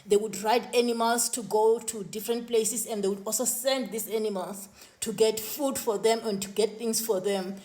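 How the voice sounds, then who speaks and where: Woman, slightly high voice, earnest personal testimony, halting restarts. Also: fairly even intonation, warm tone. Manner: earnest, with frequent restarts and repeated words. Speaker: spiritual vlogger recounting visions.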